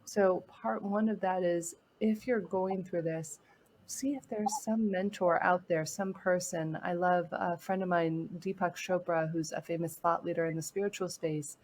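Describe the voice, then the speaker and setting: A woman guest in an interview, speaking earnestly and gently encouraging as she tells a personal story. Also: fairly low pitch, fairly even intonation, moderate pace, slight background noise. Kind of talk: heartfelt interview talk.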